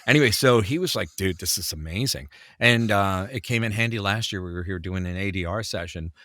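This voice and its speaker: Man from Canada, voice actor guest, animated raconteur, forceful tone, dead-dry close mic. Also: fairly low pitch, fairly quick, dry recording. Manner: animated storyteller, acts out quotes. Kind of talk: casual anecdotal chat.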